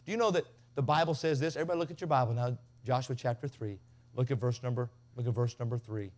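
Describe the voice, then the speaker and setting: Quick-paced and medium in pitch, a man preaches at a revival tent. He's a folksy storyteller who imitates the voices in his stories and climbs toward shouting.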